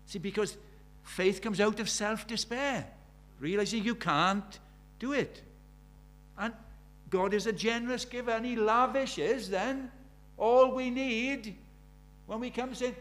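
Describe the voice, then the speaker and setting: Earnest older male preacher, high voice. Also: takes it slowly. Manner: earnest, swinging between soft and emphatic, acts out quoted prayers. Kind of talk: sermon.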